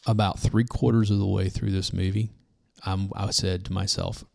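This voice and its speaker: A man with a fairly low voice, co-hosting a laid-back movie podcast. He keeps chiming in with "I know" and "right." Then he lays out blunt opinions of his own. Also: little pitch movement, vocal fry, darkish tone. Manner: quick agreement and frank opinions, "I know, right". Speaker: podcast co-host. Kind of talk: casual movie discussion podcast.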